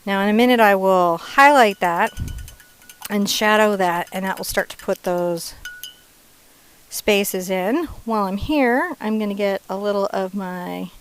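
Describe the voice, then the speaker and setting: A woman teaching a painting lesson step by step in a chatty, playful way, dropping into soft asides. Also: mid-range voice, unhurried, a little hiss or hum, rough recording. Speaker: painting instructor.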